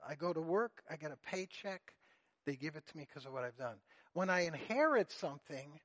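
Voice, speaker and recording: A man preaching a sermon, earnest and deliberate, explaining a Bible passage to his congregation. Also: a little high, a bit bright. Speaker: pastor.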